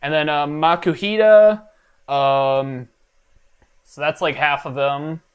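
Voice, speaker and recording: Rambling young man, slightly high voice. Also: steady tone, takes it slowly, clear, resonant tone. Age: young adult. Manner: rambling, hesitant, many fillers and restarts; mock-earnest, self-deprecating. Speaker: reaction video host. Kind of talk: comedic reaction commentary.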